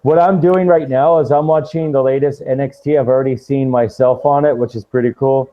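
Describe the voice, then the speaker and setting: An excitable male co-host talks casually over an internet call and gets easily distracted. His voice is mid-pitched, and the call audio sounds a little dull. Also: a little fast. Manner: excitable, distracted fan talk. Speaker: podcast co-host. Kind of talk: casual podcast chat.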